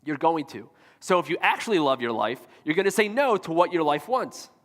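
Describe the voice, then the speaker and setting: A man's voice: a little high, sing-song, a little fast, long reverb tail. A man pastor delivering a sermon, preaching emphatically and repeating rhetorical questions to the congregation. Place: church auditorium.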